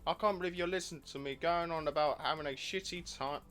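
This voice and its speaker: A man reading the lines of a shy, nerdy young woman in a dating game, softly and hesitantly. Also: fairly high pitch, fast, close to an everyday voice. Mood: apologetic.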